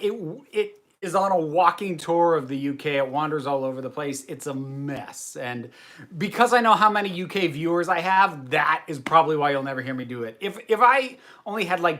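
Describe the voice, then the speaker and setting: A man's voice: a little high, pushed and bright. A man hosting a casual livestream. He chats and answers viewer comments in a self-deprecating way. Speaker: host.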